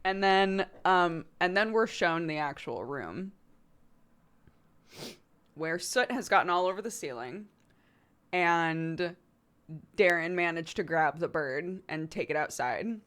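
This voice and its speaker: Young woman, streamer host, casual storytelling, lively pitch, bright tone. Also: takes it slowly, long pauses, smooth. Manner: animated, laughing, lots of "like".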